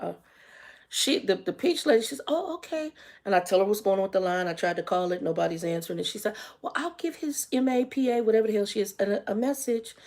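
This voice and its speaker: Woman in her fifties, lively and exasperated storyteller, mid-pitched voice. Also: creaky. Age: 50s. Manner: animated and exasperated, acts out dialogue. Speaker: vlogger. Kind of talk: casual storytime vlog.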